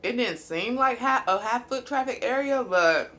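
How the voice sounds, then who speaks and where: A woman who runs a small business, chatting candidly to camera while eating, with long pauses and fillers. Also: a little high, animated, a bit bright. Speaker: small business owner and vlogger. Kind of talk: casual mukbang chat to camera.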